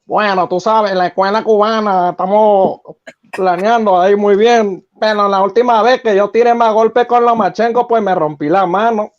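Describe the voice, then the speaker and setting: A man's voice: high voice, fairly even intonation, brisk, natural voice. A man doing an impression of a laid-back Cuban boxer who rambles. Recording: dull lo-fi sound.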